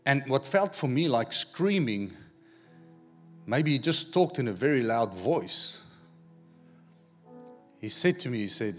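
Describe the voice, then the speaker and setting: A man preaching a sermon, telling a personal story in an animated way, acting out the dialogue and repeating words as he goes. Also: mid-range voice, takes it slowly, long pauses, soft background music. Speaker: pastor.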